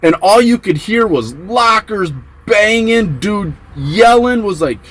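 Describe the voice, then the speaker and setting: A man telling a story from his time in prison in a casual vlog, acting out the quotes with excited yelps. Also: high-pitched, slow, low-quality recording.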